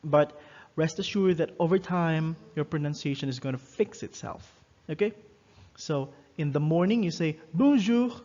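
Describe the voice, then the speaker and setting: A man with a slightly high voice gives a recorded lesson, explaining each point patiently and repeating words slowly so learners can follow. The recording sounds dull and lo-fi. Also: a little mellow. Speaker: French teacher.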